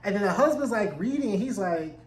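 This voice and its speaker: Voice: medium pitch, lively intonation, brisk, echoey room. A casual, profane recap host who gossips about the characters and acts out their lines bluntly.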